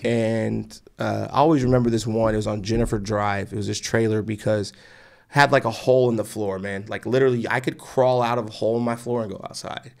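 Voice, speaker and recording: A man's voice: lowish voice, steady tone, fairly quick, creaky, darkish tone. A man in his forties from near Austin, Texas, telling his life story as a guest in an interview, intense and emphatic, often adding "right?". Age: 40s. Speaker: guest entrepreneur.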